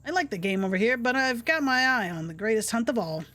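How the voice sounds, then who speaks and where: A woman's voice: fairly high pitch, animated, fast talker, bright, forceful tone, no room sound. Blunt, defensive backwoods hunter man, read by a woman. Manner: rough dropped-grammar talk, defensive and boastful. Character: blunt rough male hunter, gruff and boastful.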